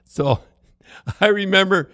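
A man's voice: high voice, slow, sharp tone, no room sound, clean studio sound. An older man, a former hockey player, reminisces casually in a rambling way full of false starts.

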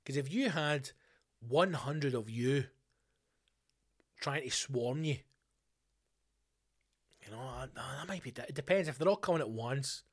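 A Scottish podcast host speaks solo into his mic, rambling loosely as he answers listener questions. His voice is medium-pitched and unhurried, with long pauses. He swears freely and becomes animated when spinning out a scenario.

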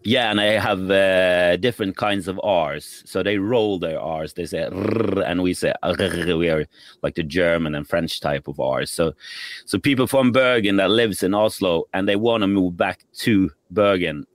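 Norwegian host, very low voice, easygoing and quick to laugh, dry close mic. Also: male voice, no echo. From Norway. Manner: relaxed, laughs often. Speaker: podcast host. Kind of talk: casual interview chat.

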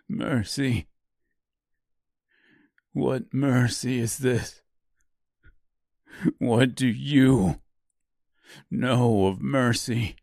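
A grieving, desperate woodcutter, as a man reading a dark storybook plays him, anguished and pleading. His words come slow and drawn out, and the recording is dry and close. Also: medium pitch, fairly even intonation, gravelly, dry recording.

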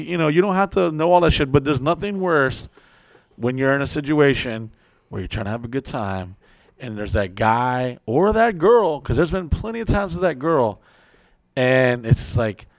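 Hosting a laid-back podcast, this man speaks with a slightly high voice at a moderate pace, with no room sound. His storytelling is profane and lively, with mimicked voices for the people involved.

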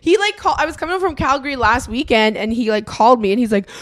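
A young woman with a slightly high voice co-hosts a casual comedy podcast. She tells stories in an animated way and breaks into laughter often. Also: quick pace. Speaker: podcast co-host.

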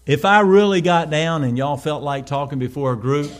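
A male pastor, preaching a sermon with sudden swells in volume and slowed, stressed phrases. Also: on the high side, fairly even intonation.

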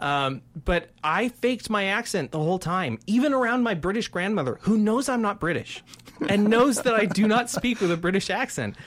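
Self-mocking male podcast storyteller, slightly high. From Colorado. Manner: self-deprecating, animated storyteller. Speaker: podcast co-host. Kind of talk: casual podcast chat.

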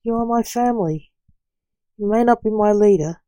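A woman's voice: mid-range voice, moderate pace, warm tone, dry recording, voice pushed up, close to an everyday voice. A woman reading the part of a terse, secretive male magician in a storybook reading. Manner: terse, hissing.

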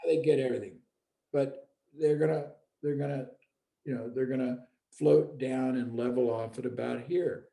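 In a roomy-sounding recording, a middle-aged business owner and former seminar leader talks reflectively and casually, restating his points to stress them. His medium-pitched voice is creaky and mellow, with fairly even intonation at a normal speed.

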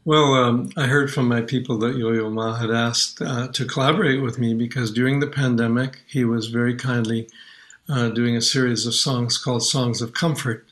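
An older man from Canada, a singer telling stories of his songs in an interview, earnest and unhurried. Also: medium pitch, steady tone, a bit bright, low-quality recording. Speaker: children's singer and guest. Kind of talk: warm reflective interview talk.

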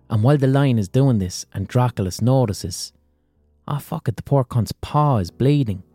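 Podcast guy, swears a lot, low dark voice, faint music. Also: dry recording. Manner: profane, conversational. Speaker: podcast host. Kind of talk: casual storytelling monologue.

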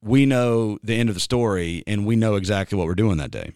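A man's voice: on the low side, animated, fairly quick, a little mellow, clear, resonant tone, dry recording, clean studio sound. A man who is a worship pastor, chatting casually and rambling with lots of fillers. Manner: rambling, filler-heavy, breaks into singing snippets. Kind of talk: casual chat.

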